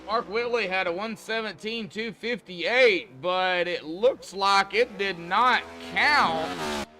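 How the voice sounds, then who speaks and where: A man's voice: sits high, takes it slowly, sharp tone, faint music behind. A man commenting on an online sim race as host, chatty and folksy, talking to drivers like buddies. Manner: chatty, folksy, calls people buddy. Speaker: race broadcaster.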